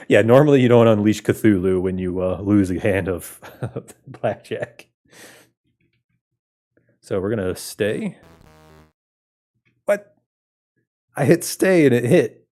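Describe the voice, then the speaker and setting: A man's voice: on the low side, expressive, takes it slowly, long pauses, a little mellow. A man giving casual commentary while playing games, laid-back and chatting with viewers, often laughing. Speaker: game streamer. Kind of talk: casual game playthrough commentary.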